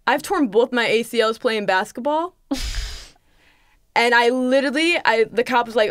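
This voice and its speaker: A woman's voice: on the high side, no echo, clean studio sound. A young woman on a podcast telling a story in casual chat, quoting people back and forth. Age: young adult. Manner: animated, quick retelling with many quoted asides. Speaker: podcast guest. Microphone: studio microphone.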